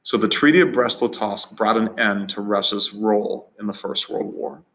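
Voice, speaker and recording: A man's voice: lowish voice, moderate pace, a bit bright, low-quality recording. A man teaching a history lesson in an unscripted, conversational way, often repeating words and restarting phrases. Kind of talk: recorded history lecture.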